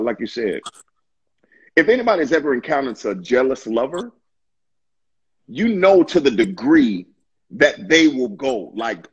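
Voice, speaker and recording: A man in a casual faith discussion, talking in an impassioned, preachy way with stammering restarts and a husky voice. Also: a little high, muffled recording.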